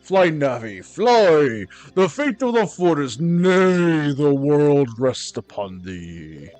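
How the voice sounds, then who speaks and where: A man's voice: on the high side, sing-song, soft background music. A man voicing an ancient, wise male talking tree guardian, speaking in grand, archaic, posh tones. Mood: urgent. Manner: grand archaic speech, loud and slow.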